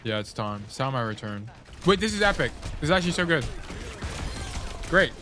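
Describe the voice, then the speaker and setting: A man's voice: mid-range voice, big pitch swings, a little fast, bright, forceful tone, a little hiss or hum. Blunt, profane male game coach. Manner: blunt, swears freely, corrects himself often; talks while eating. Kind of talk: casual gameplay review coaching.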